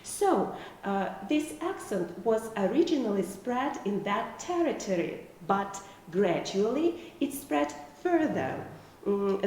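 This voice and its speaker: A woman lecturer whose first language is Russian explains at an unhurried, careful pace, pausing often on fillers. Her fairly high voice moves through a lively pitch range. She sounds distant from the microphone, in a strongly echoing room with faint background noise. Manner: slow, careful explaining with frequent hesitations. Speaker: university lecturer. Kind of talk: video lecture.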